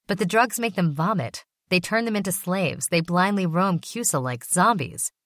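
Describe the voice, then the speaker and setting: A woman's voice: lowish voice, lively intonation, normal speed, fairly bright tone, no echo, clean studio sound. A woman reading the part of a distant, pensive male corporate officer who keeps asking questions. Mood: probing. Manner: questioning, musing.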